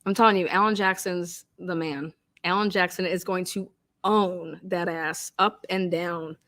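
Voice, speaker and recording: A woman hosting a true crime livestream, ranting casually and loudly with a lot of swearing. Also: lowish voice, unhurried. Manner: rowdy, swearing, animated. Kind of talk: casual profane livestream rant.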